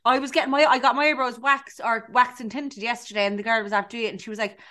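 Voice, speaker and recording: An Irish woman co-hosts a chatty podcast, her voice pitched high and bright. She tells stories at a lively clip and acts out the lines of the people in them. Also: quick pace, few pauses. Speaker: podcast co-host. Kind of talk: casual chat.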